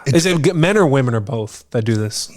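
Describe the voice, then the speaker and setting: A man's voice: medium pitch, lively intonation, fairly quick, a little mellow. Teasing, skeptical male co-host. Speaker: podcast co-host. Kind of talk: casual chat.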